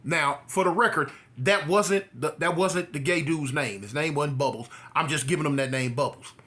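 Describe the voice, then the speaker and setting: Animated, bright-voiced man telling a story. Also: normal speed. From California. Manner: animated, acts out dialogue with rising pitch. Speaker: former prisoner telling his story. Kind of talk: casual storytelling.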